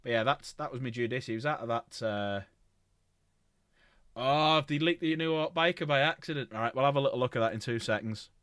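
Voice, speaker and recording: A man's voice: medium pitch, brisk, fairly bright tone, smooth, no echo, studio quality. Rambling man streaming. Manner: rambling, self-correcting, lists items aloud. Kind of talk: casual livestream chat.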